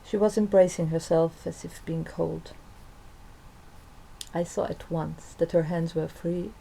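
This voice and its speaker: A woman reads her own first-person story in a calm, soft-spoken manner. Her voice is mellow and sits a little low. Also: a little slow, gravelly, slight background noise, rough recording. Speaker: narrator and author.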